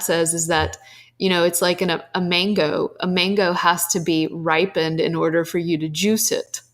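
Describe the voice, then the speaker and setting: A young adult woman hosting a podcast, talking candidly and emotionally about spiritual teachings, with casual swearing. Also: on the low side.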